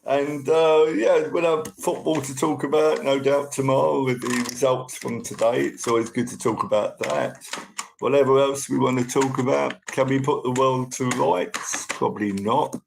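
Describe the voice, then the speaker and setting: A man with a gravelly, rough edge to his voice, hosting a relaxed live stream. He chats easily and greets viewers by name as they arrive. His pitch sits in a typical middle range. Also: normal speed, background noise. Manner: chatty, thanks viewers by name as they join. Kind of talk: casual live stream chat.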